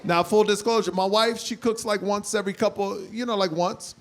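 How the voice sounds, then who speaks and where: A man in his forties performing stand-up on stage in front of a live audience, telling stories animatedly and bursting into loud impressions. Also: high voice, fairly even intonation, a little fast, over a noisy crowd, heavy background noise. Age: 40s. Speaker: stand-up comedian. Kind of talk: stand-up comedy.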